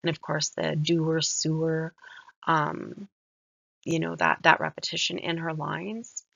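A woman's voice: low voice, flat delivery, takes it slowly, vocal fry, no echo. A woman giving a recorded mini-lecture on a poem, reflective and admiring as she walks through its lines. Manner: reflective, admiring, soft-spoken. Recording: dull lo-fi dry recording.

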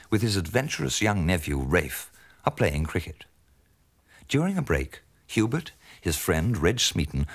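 A man narrating a comic story in a pompous, theatrical way with sweeping emphasis. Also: rumbling low.

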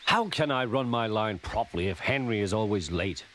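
A man voicing an impatient, cheeky little male tank engine who talks in a brisk, scolding way. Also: fairly low pitch, lively intonation, a little hiss or hum. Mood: cross. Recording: loud music underneath.

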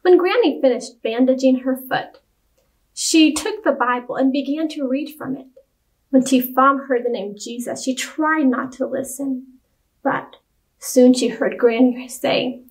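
Woman reading a kids bible story out loud, high voice, real slow and clear. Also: rough recording. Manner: clear, expressive read-aloud.

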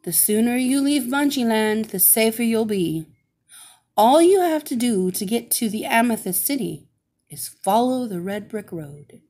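A kindly, matter-of-fact good witch from a storybook, voiced by a woman, who explains things at an unhurried pace. Her voice moves lively up and down. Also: fairly high pitch. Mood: calm.

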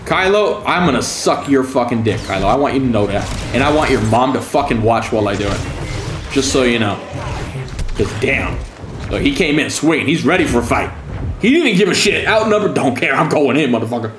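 A man's voice: mid-range voice, lively intonation, a little fast, roomy sound, over music. A man giving profane, sarcastic commentary while streaming a game, taunting opponents with mock-scared calls. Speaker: gaming streamer.

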